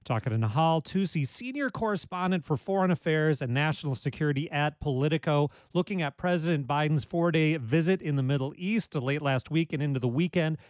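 A man hosting a public radio call-in show, asking questions and giving the phone number in a measured, steady way. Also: a little high, no room sound. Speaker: radio talk show host.

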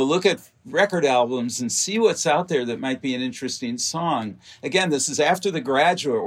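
A man, a guest in an interview, telling detailed behind-the-scenes stories about making a film, with frequent fillers. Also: mid-range voice. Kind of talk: interview storytelling.

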